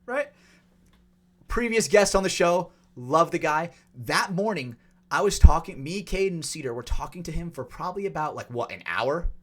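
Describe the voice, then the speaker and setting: A man co-hosting a podcast, telling a long story in a casual, animated way with lots of swearing. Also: a little high, normal speed. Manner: animated, profane, acts out quotes. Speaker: podcast co-host.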